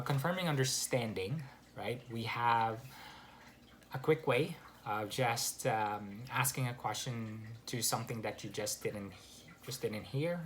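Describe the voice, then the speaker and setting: A man giving a casual spoken English lesson, relaxed and full of fillers and restarts. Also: mid-range voice, slight background noise. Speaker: English teacher. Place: Canada.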